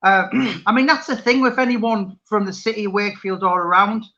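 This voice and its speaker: High-voiced male interviewer. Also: fairly even intonation, moderate pace, sharp tone, muffled recording. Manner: conversational, prompting questions. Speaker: interviewer, author. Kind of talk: casual interview.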